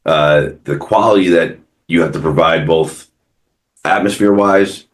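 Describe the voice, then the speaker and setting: A man's voice: deep voice, a little slow. A man hosting a local business podcast, asking questions and repeating himself as he finds his words. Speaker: podcast host. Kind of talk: interview questions.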